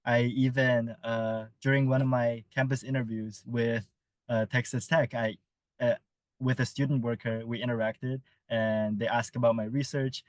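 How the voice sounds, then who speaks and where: A man answering audience questions in an online webinar, speaking at a middling pitch. He is thoughtful and measured, filling pauses with ums and uhs. The sound is dry and close, with no room around it. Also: level tone, no room sound. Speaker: research fellow answering questions.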